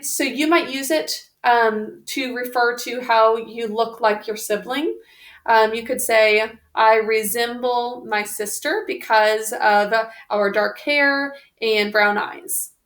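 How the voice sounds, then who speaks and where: A woman teaching a spelling lesson on video, patiently sounding out words one sound at a time. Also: fairly high pitch. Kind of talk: slow, careful spelling lesson. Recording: roomy echo.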